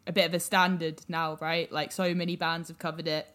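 A woman with a fairly low voice co-hosts a relaxed music show. She talks in a chatty, rambling way, full of ums, and she teases her co-host. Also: fairly quick. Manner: chatty, many ums, teasing. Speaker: podcast co-host. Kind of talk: casual chat about songs.

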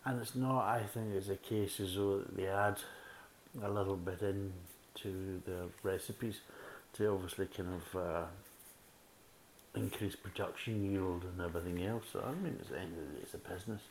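A man's voice: low voice, steady tone, moderate pace, poor audio. A man reviewing beer in a casual, blunt, rambling way, repeating himself often. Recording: faint background hiss.

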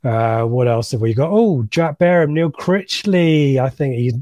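A man co-hosts a casual live stream, reading viewer comments aloud with lots of ums and restarts. His voice sits at an ordinary pitch. The sound is dry and close. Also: lively intonation, measured pace, darkish tone, no echo. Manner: rambling, many ums, reads names aloud. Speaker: co-host of a live fan stream.

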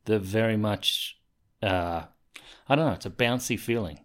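A man's voice: lowish voice, moderate pace. A man co-hosting a casual sports podcast, enthusiastic and teasing, laughing often. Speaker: podcast co-host.

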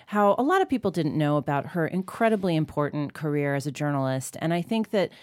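A woman hosting an interview show, chatty and inquisitive, firing off quick questions. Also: sits low, animated, darkish tone, no echo. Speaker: podcast host. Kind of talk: casual interview chat.

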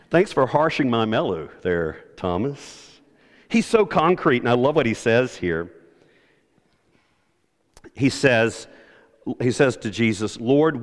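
Guy preaching a sermon, chatty and emphatic, big church reverb. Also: mid-range voice. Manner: animated, conversational preaching with emphatic repetition. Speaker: pastor. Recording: long hall reverb.

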